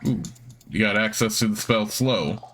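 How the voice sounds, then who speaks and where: A man hosting a let's play, reading game text aloud in a steady voice with offhand asides. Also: fairly low pitch, normal speed, a little hiss or hum.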